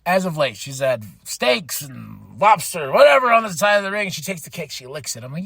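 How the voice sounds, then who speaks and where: A man hosting a podcast, giving an excitable, casual recap of a wrestling show and acting out the wrestlers' lines. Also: fairly high pitch, brisk, vocal fry, few pauses, slightly rough, no echo. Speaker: podcast host.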